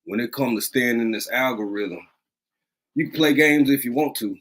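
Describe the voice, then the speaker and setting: A man hosting a casual livestream from a rural home, greeting viewers by name and talking in a lively, drawling way, repeating phrases. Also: mid-range voice, normal speed. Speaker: livestream host.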